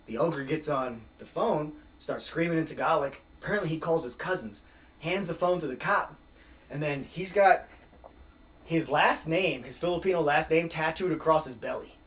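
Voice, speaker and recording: A man's voice: on the high side, normal speed, a bit bright. Profane storytelling man, distant mic. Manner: profane, laughing as he tells stories. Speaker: podcast guest. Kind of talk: casual storytelling.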